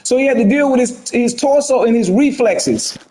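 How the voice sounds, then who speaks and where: A man giving casual gameplay commentary on a boxing game, slangy and animated, talking straight to his viewers. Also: extremely high pitch, normal speed, reverberant, poor audio. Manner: animated, slangy, talks to chat. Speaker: gaming streamer.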